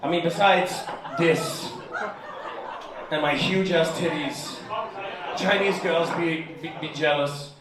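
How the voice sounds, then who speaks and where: A man's voice: a little high, steady tone, takes it slowly, a crowd in the background. A young man from the United Kingdom performing a crude, self-mocking stand-up comedy set in a bar, often laughing through his punchlines. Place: comedy bar with a live audience. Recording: echoey room, mic heard from a distance. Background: room ambience and audience noise.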